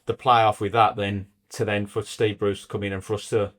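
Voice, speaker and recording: A man's voice: fairly low pitch, level tone, fairly quick. A man hosting a podcast, asking chatty, fan-like questions in casual interview talk.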